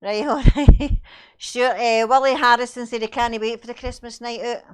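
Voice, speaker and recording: Clear-voiced Scottish woman reading comments. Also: a little high, fairly even intonation, normal speed. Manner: cheerful, laughs often. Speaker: co-host reading viewer comments. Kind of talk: casual live-stream chat.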